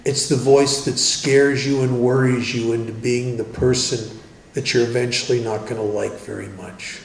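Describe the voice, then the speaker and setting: A man giving a twelve-step workshop talk, telling stories in a wry, joking, conversational way and dropping to a hush for emphasis. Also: mid-range voice, flat delivery, normal speed, vocal fry. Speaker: recovery workshop speaker. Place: meeting hall. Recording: roomy hall with faint noise.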